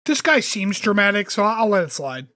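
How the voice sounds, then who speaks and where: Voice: medium pitch, sing-song, bright, forceful tone. Co-host, foul-mouthed, ranty, casual. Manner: profane, ranting, quick to complain. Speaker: podcast co-host. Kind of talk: casual podcast chat.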